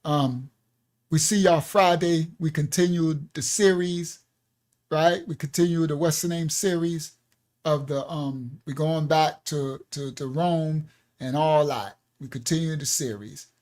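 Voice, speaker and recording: A man with a somewhat high voice teaching an online Bible lesson. He talks loosely, repeats himself and breaks into laughing asides. He speaks into a computer mic on a live stream. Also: measured pace, a little mellow. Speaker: pastor.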